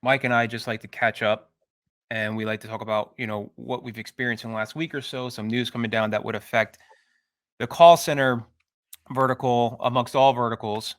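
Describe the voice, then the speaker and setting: A man co-hosting a podcast, chatting casually with a relaxed, rambling manner. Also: mid-range voice, fairly quick, no echo, clean studio sound. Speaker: podcast co-host. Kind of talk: casual chat.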